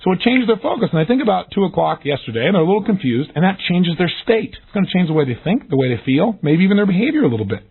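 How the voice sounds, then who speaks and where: A man giving an energetic recorded self-help lesson, acting out the questions he describes in lively voices. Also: sits high, racing, gravelly, hardly any pauses, husky. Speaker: motivational speaker. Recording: tinny phone-like audio.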